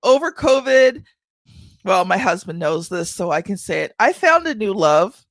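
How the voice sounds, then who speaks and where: An older woman hosting a podcast, telling stories in a chatty, animated way. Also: medium pitch, moderate pace, dry recording. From Canada. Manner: chatty storyteller, acts out children's voices. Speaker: podcast host. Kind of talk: casual chat.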